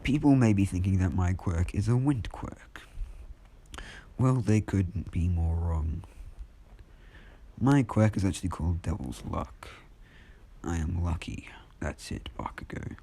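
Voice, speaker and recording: A man voicing a calm, ominous young male hero who speaks slowly in a quiet, half-whispered way. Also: low voice, husky, heavily acted. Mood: calm menace.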